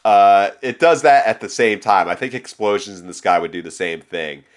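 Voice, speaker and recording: A man's voice: lowish voice, moderate pace. A man co-hosting a casual music podcast, wry and laid-back with strong opinions. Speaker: podcast co-host.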